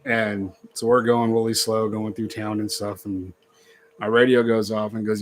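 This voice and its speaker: A man's voice: lowish voice, fairly even intonation, moderate pace, a little hiss or hum. A middle-aged man telling a story in casual chat, acting out quoted voices and laughing often.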